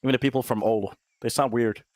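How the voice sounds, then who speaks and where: A man's voice: mid-range voice, steady tone, darkish tone, no echo. A man with a Finnish accent and Finnish as his first language, casting a match play by play and chatting with viewers between rounds. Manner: chatty, answers the chat between plays; quickens and lifts on big plays. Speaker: esports caster. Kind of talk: play-by-play commentary.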